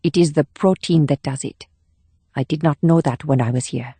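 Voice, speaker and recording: A man's voice: fairly high pitch, normal speed, slightly rough, dry recording. A man putting on a cold, ruthless woman agent. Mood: measured. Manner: clipped, commanding, flat menace. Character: cold, ruthless adult female state agent. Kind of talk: audiobook character voice.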